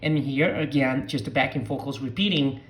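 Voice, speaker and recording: A Brazilian Portuguese speaker with a mid-range voice gives a slow language lesson, patiently repeating words so learners can copy them.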